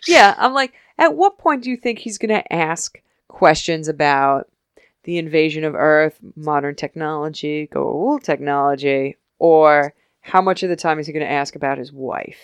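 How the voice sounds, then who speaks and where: A young woman co-hosting a podcast, chatting casually about a TV episode and acting out the characters in quick voices, laughing often. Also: low voice, clean tone, no room sound. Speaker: podcast co-host recapping a TV episode. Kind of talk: casual chat.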